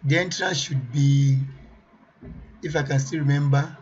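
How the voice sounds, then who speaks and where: A man presenting a software tutorial, thinking aloud as he weighs each option and often repeats himself. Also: a little high, fairly even intonation, measured pace, husky, lo-fi sound. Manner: muses aloud over choices, repeats himself.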